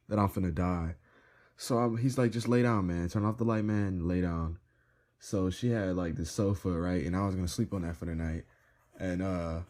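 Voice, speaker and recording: A man's voice: low-pitched, mellow. A young man casually telling a rambling storytime to his viewers, full of slang and filler words. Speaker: vlogger.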